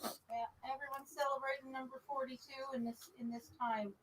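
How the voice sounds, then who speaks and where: High, husky woman chiming in off-mic. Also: level tone, brisk, poor audio. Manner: brief quiet interjections from off-mic.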